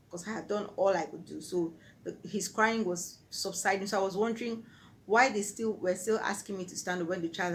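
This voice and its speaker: A woman's voice: medium pitch, a little hiss or hum, poor audio. A Nigerian woman telling a personal story on her vlog in an earnest, vivid way. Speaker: vlogger.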